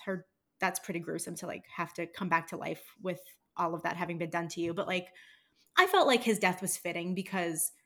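A woman co-hosting a podcast, chatting casually in a relaxed, thoughtful way with some swearing. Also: on the low side. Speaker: podcast co-host. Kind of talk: casual chat.

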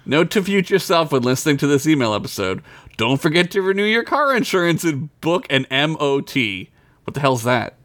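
A man co-hosting a loose, casual podcast, reading listener emails aloud with frequent laughter and easy swearing. His voice is bright and forceful, and his pitch swings widely as he talks. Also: sing-song, brisk. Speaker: podcast co-host. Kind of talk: casual chat.

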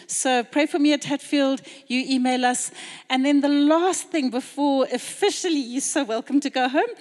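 A woman closing a church service with encouraging, conversational remarks. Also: sits high. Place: church hall. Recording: church hall with long reverb.

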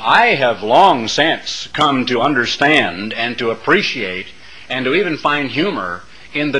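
A middle-aged American preacher with a bright, forceful tone and a husky edge. He talks his way through a sermon in a loose, conversational style, full of fillers and side remarks. When he mocks someone his voice leaps up high and turns animated. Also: low-quality recording. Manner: rambling, folksy asides with frequent fillers; animated when mocking, rising sharply in pitch.

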